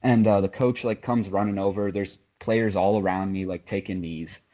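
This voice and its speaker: A man's voice: fairly low pitch, fairly even intonation, moderate pace, mellow, dull audio. A young man on a podcast, casually telling a long story with lots of "like" and "you know". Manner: storytelling, heavy filler words. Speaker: podcast co-host. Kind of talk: casual chat.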